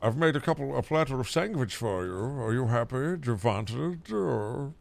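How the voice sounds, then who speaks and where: A man voicing a theatrical male vampire offering guests food, with an overly polite, drawn-out manner. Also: mid-range voice, expressive, vocal fry. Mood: fawning. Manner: overly polite, drawn-out old-world hospitality. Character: theatrical male vampire host, fussy and eager.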